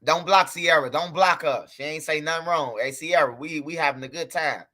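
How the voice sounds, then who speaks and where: A man's voice: fairly high pitch, moderate pace, bright, forceful tone. A man hosting a livestream, telling a story and talking straight to his chat in a loose, profane way. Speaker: livestream host. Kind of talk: casual livestream commentary.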